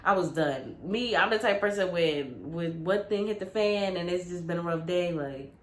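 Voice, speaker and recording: A young woman vlogger telling a casual, animated story with lots of slang. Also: fairly low pitch, normal speed. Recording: roomy with faint ambience.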